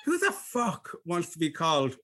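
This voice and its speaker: A man's voice: on the high side, wildly swooping pitch, moderate pace, bright, forceful tone. An Irish man co-hosting a podcast, chatting casually, self-mocking and swearing freely. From Ireland. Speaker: podcast co-host. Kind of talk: casual chat.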